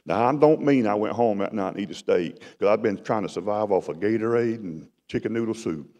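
A middle-aged man delivers a sermon testimony, his lowish voice rising loud and dropping to a hush as he tells the story. The sound rings with long reverb, like a large church hall. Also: a little fast, muffled recording. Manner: dramatic storytelling, swings from loud to hushed. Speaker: preacher.

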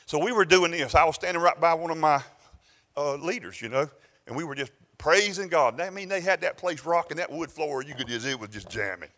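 A Southern US pastor with a fairly high pitch delivers a brisk sermon in church. His stories come alive as he shifts between exclamations and soft asides.

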